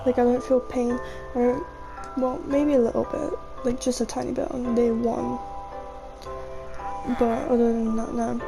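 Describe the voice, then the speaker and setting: A woman's voice: fairly high pitch, flat delivery, a little slow, vocal fry, music in the background, rough recording. A chatty young woman, rambling casually over her gameplay and often saying "mate". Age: young adult. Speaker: gaming vlogger.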